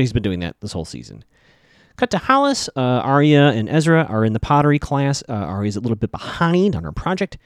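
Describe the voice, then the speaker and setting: A man's voice: mid-range voice, a little mellow, dry recording, clean studio sound. A man hosting a podcast, casually recapping a TV episode with chatty, wry asides.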